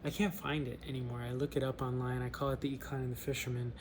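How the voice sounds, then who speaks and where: A man's voice: medium pitch, little pitch movement, quick pace, background noise. A man hosting a casual book club vlog, rambling, joking and interrupting himself before reading a story. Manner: loose, joking, self-interrupting.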